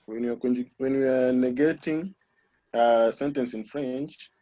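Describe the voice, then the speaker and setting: A man's voice: medium pitch, fairly even intonation, unhurried, dark tone. Man teaching French over a video call. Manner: patient, repeats and corrects students. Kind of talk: online class teaching. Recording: muffled video call audio.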